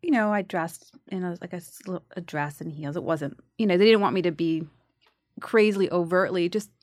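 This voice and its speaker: Animated New actress guest. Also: female voice, on the low side, moderate pace, dry recording, clean studio sound. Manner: animated storyteller, acts out quotes. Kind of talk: casual interview chat.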